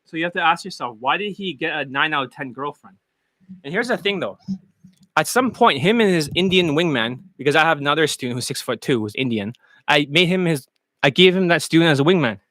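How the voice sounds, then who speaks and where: A man's voice: on the high side, animated, fairly quick, sharp tone, dry recording. A man who coaches dating, delivering a heated, mocking monologue full of swearing. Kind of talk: profane ranting monologue.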